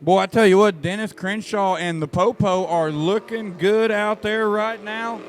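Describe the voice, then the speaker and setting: Man, race announcer, high voice, folksy, excitable, engines roaring behind. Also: a little slow, a little hiss or hum. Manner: excitable, joking with the crowd, folksy. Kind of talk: live race commentary over a PA.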